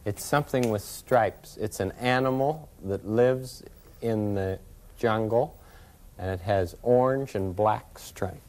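A man hosting a children's show, talking gently and slowly with curious, hesitant questions. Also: on the low side. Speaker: children's television host.

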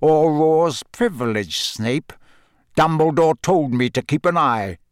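A grizzled old wizard-hunter, as a male narrator puts him on, growling his lines slowly and with menace. His words come out rough and unhurried. The read is dry, with no room around it. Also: on the high side, no echo.

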